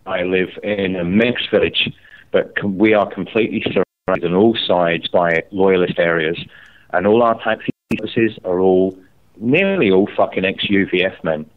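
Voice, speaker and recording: Over a tinny phone line, a Scottish man angrily tells a story in a heated, casual chat. His voice sits low and moves at a moderate pace, and he swears heavily as he animatedly recounts events.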